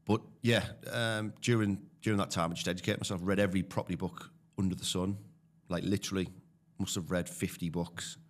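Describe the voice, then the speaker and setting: A man with a deep, low voice and a Teesside accent. He talks in a loose, chatty way, full of fillers, like a guest on a casual podcast. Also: little pitch movement, fairly quick, hardly any pauses. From Teesside, England. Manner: chatty storyteller, many fillers. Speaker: guest, property investor.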